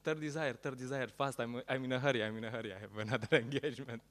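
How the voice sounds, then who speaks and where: A man voicing a greedy, hurried man in a joke, talking in an eager, rushed, muttering way. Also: mid-range voice, fairly even intonation, voice pushed up, natural voice.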